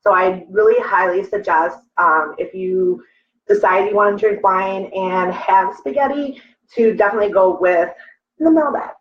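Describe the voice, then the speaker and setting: A woman's voice: medium pitch, moderate pace, far from the mic, slight background noise. Upbeat young woman, echoey room. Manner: casual, upbeat, uses "like". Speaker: co-host, daughter. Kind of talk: casual wine tasting livestream. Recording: echoey room, dull lo-fi sound.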